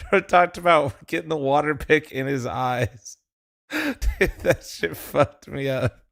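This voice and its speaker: This watch-party streamer speaks slowly in a gravelly, a bit bright voice that's a little high and slightly nasal. He chats casually and loosely with his viewers, laughing, swearing, and addressing chat directly.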